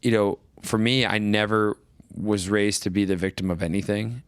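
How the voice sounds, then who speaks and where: A middle-aged man tells stories on a podcast in a rambling, animated way and slips into quoted voices. His voice sits fairly low. The sound is dry and close-miked, with no room behind it. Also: moderate pace, clean tone, no room sound. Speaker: podcast guest. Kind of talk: casual storytelling conversation.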